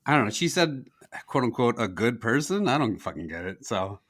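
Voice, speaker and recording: Lively-pitched joking podcast man. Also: brisk. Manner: rambling, jokey storytelling with lots of laughs. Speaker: podcast co-host. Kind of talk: casual comedic chat.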